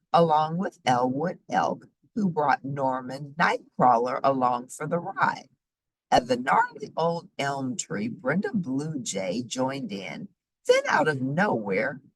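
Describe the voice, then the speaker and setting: A woman reads a children's storybook aloud with a low, husky voice that swoops up and down with great expression. The sound is dry and close, with no room around it. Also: no echo, rough recording. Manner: animated, sing-song reading. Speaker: storybook reader.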